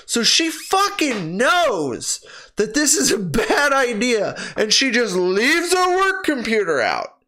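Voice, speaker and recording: Animated, bright-voiced ranting man. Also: very high voice, slow. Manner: ranting and exasperated, swears freely. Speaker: movie reviewer and streamer. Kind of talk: casual spoken film review. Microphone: personal streaming microphone.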